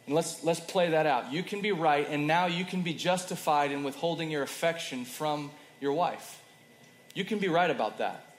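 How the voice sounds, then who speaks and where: Guy preaching like he's just chatting, goes loud then soft, kinda high voice, faint room hum. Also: normal speed. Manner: conversational, swings between loud emphasis and soft quiet. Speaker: pastor. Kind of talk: sermon. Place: church hall. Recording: roomy hall with faint ambience.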